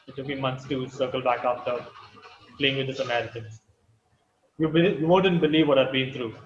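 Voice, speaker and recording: A man's voice: mid-range voice, normal speed, echoey room, lo-fi sound, slight background noise, lightly acted. An actor playing a weary, desperate male prophet in an audio drama, strained and urgent.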